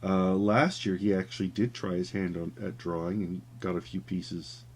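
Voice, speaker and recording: A caricature artist streams his drawing and tells a rambling, casual story full of fillers as he works. His voice sits low and sounds slightly mellow and husky, with a flat delivery at a moderate pace.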